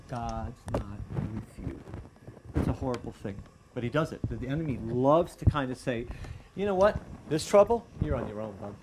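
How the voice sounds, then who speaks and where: A man's voice: mid-range voice, noisy background. A middle-aged man, preaching a sermon in a loose, conversational storytelling way, often restarting his sentences. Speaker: pastor.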